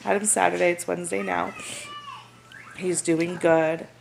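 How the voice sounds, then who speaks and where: A young woman, casually retelling a story and acting out what others said in lively voices. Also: lowish voice, moderate pace, gravelly. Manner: animated, acts out quotes of others. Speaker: new mother. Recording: noisy home recording.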